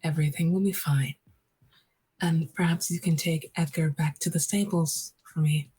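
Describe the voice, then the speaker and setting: A woman voicing a regal empress who speaks in a measured, authoritative way with a husky voice. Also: deep voice, fairly even intonation, dark tone. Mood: commanding. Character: regal empress, composed and dismissive.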